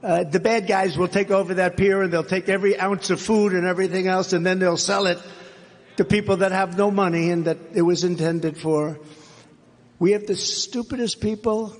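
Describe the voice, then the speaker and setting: A man giving a sarcastic, repetitive rally speech, rambling from point to point. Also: sits high. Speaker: political speaker at a rally. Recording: long reverb of a large venue, faint background noise.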